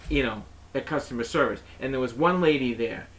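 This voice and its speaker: A man hosting his own show, telling a comic story in an animated, exasperated way and acting out the people in it. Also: mid-range voice, fairly quick, a little hiss or hum. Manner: animated, exasperated retelling with acted-out quotes. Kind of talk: comedic storytelling monologue.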